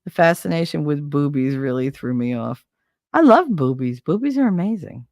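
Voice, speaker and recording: A woman with a gravelly, creaky voice chats through a story in a blunt, profane way. She slips into quick impressions of the people involved. Her voice sounds dry and close, with no room echo. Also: low-pitched, expressive, a little mellow. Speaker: podcast host. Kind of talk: casual storytelling chat.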